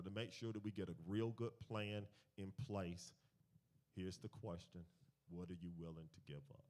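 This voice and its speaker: A man teaching a congregation in a sermon, telling stories and leading call-and-response, repeating key phrases. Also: lowish voice. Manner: animated storytelling, swings from quiet to loud. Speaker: church teacher leading a finance talk. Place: church gathering.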